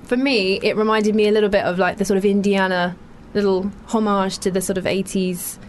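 A woman's voice: mid-range voice, fairly even intonation, brisk, a little hiss or hum. A woman hosting a radio show, chatty and enthusiastic as she interviews studio guests. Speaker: radio host.

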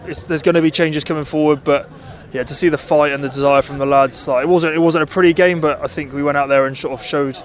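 A man's voice: fairly high pitch, fairly even intonation. A man rugby player giving a casual post-match interview. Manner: fast, casual, lots of "like".

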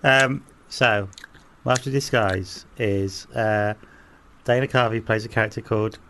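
A man co-hosting a podcast, speaking in relaxed, wry casual chat with some hesitations. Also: fairly low pitch, unhurried, slight background noise. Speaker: podcast co-host.

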